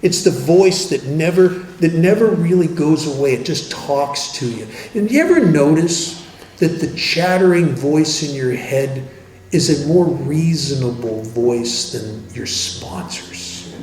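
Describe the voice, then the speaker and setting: A man giving a twelve-step workshop talk, telling stories in a wry, joking, conversational way and dropping to a hush for emphasis. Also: on the high side, lively intonation, unhurried. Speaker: recovery workshop speaker. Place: meeting hall. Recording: roomy hall with faint noise.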